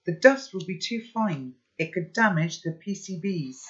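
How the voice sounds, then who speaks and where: A man voicing an urgent, bossy young boy who barks loud, clipped commands in a raised voice. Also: sits high, animated, measured pace, highs cut off, pitched above the performer's own voice. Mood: urgent commanding.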